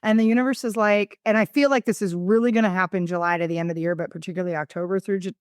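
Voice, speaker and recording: A woman's voice: medium pitch, fairly even intonation, very fast, smooth, no room sound, studio quality. A woman in her fifties, a podcast guest, talking expressively and dramatizing her inner dialogue. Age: 50s. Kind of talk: casual conversational interview.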